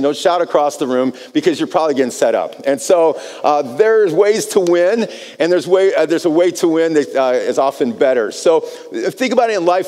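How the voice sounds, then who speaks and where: Animated pastor preaching in a reverberant hall. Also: male voice, on the high side. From United States. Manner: animated storytelling, repeats words when starting phrases. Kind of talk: sermon with personal story.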